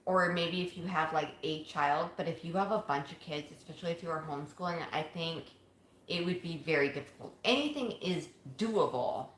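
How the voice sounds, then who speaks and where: A woman's voice: deep voice, brisk, echoey room, a little hiss or hum. A woman co-hosting a casual livestream, chatting and laughing about homestead life. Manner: chatty, laughs often, explains in long runs.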